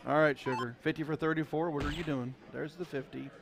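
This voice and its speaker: A man with an Ozark accent calling a darts match live, folksy, chatty and excitable. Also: fairly high pitch, fast talker, creaky, noisy background. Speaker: darts commentator. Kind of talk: live play-by-play commentary. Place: darts venue. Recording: crowd chatter behind.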